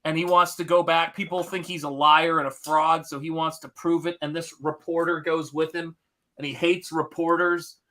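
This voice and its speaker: Male podcast co-host, high, bright voice, animated storyteller. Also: normal speed. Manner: animated storyteller, acts out quotes in a higher voice. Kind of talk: casual podcast chat.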